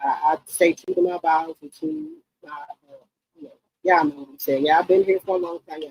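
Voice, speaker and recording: A woman in her late forties or fifties hosting a gossip channel, talking to her viewers in an animated, outspoken and profane way. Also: on the low side, normal speed, creaky, breathy edge, dry recording, poor audio. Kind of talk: casual commentary to viewers.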